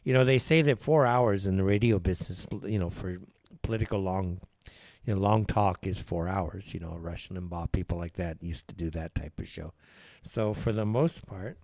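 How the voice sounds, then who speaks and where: A man's voice: deep voice, normal speed, a little mellow, dry recording. A man hosting a live political talk show, ranting in an opinionated way and firing off rhetorical questions. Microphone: wears headphones while speaking.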